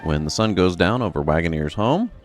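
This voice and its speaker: A man's voice: sits low, expressive, brisk, faint music behind. A man reading out a game's dialogue while voicing a chatty, dramatic townswoman who witnessed a crime. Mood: storytelling. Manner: chatty, dramatic, pious exclamations. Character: gossipy upset townswoman, a witness. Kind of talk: reading game dialogue aloud.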